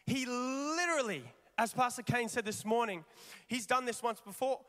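A man preaching a sermon, animated and conversational, putting rhetorical questions to his congregation. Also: extremely high pitch, moderate pace. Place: large church hall. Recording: long reverb of a large hall.

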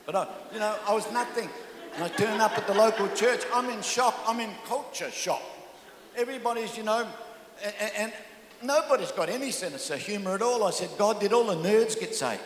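A man's voice: sits high, fairly quick, a crowd in the background. An older man preaching a humorous sermon as pastor, telling jokey stories with stammering restarts. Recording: echoey hall.

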